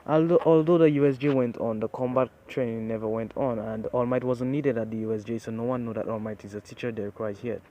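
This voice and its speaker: A man tells a fan story off the cuff in a mid-pitched voice, stumbling over his words and restarting lines as he strings the events together. A faint hiss sits under the voice. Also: fairly even intonation, warm tone, lo-fi sound. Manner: halting, restarts sentences, chains clauses with "as he would". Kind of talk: improvised story narration.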